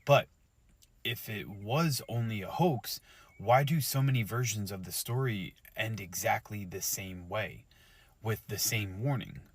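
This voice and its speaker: Man, low-ish voice, chatty sign-off to viewers, dry close recording. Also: dry recording. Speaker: storytime creator. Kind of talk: casual storytime to camera.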